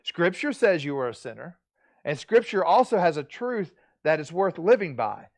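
A man's voice: fairly high pitch, big pitch swings, moderate pace, no room sound. A middle-aged man preaching a sermon as pastor, earnest and emphatic, often restarting phrases and rising in intensity on key points.

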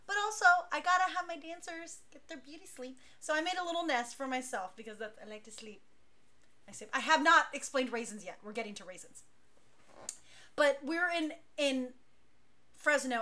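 High bright-voiced woman telling stories. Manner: animated, chatty, laughs between lines. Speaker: dance crew leader telling stories. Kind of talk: casual storytelling on a talk show.

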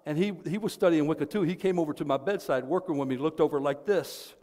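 High-voiced, impassioned male preacher. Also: fast, big-room sound. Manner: impassioned storytelling, building to fervent shouting. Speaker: pastor. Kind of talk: sermon. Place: church sanctuary.

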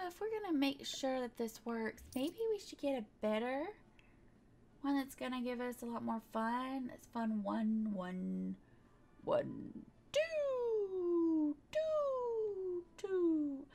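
A high-pitched woman narrates her gameplay in a casual, rambling way. She grumbles at the game's rules and chats to the characters on screen as she plays. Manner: chatty, exasperated, talks to the game and her pets. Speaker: gaming YouTuber.

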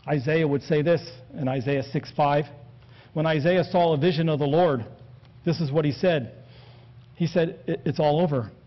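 An earnest male pastor preaching a sermon in a steady, measured way. His voice sits a little on the high side. The recording is muffled and lo-fi. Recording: dull lo-fi recording.

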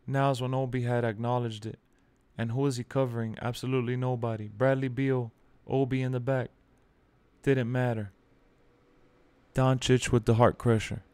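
A man streaming a basketball video game, cheering loudly and then lamenting dramatically, with frequent swearing. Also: mid-range voice, flat delivery, clean tone, dry recording. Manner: loud whooping cheers and theatrical, drawn-out laments; swears freely. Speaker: gaming streamer. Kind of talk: casual live gameplay commentary.

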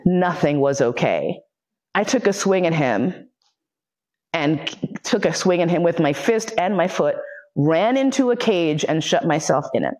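A woman's voice: lowish voice, lively intonation, unhurried, a little mellow. A woman lecturer telling a personal story frankly and with plenty of swearing, acting out the voices she quotes.

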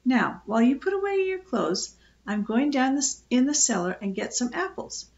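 A woman's voice: high voice, sing-song, moderate pace, darkish tone, muffled recording. An older woman voicing a kindly, motherly old countrywoman who speaks sweetly and reassuringly in a storybook reading. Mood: cheerful.

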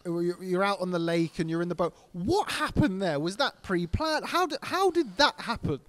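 High-voiced male interviewer, dry sound. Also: sing-song, no room sound. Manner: brisk, fast-running questions. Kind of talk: casual interview questions.

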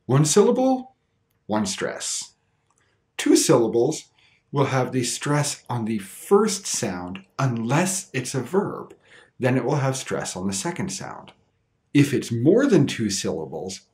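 A Canadian man teaches English word stress, speaking clearly and carefully and leaning on each example word. His pitch rises and falls a lot as he moves through the points. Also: very animated, takes it slowly, a little mellow. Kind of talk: scripted pronunciation lesson.

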